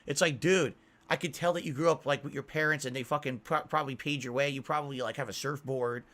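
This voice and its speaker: A man's voice: medium pitch, fairly even intonation, fast, fairly bright tone. A man ranting in a monologue as a YouTuber, exasperated, repeating himself and swearing.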